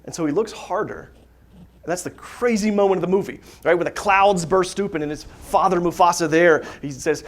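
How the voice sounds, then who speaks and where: A man's voice: sits high, a little fast. Chatty man teaching a parish group. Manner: conversational, rhetorical questions, frequent "right?". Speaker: catechist teaching parents. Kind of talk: live faith talk to a parent group. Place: parish hall dinner gathering.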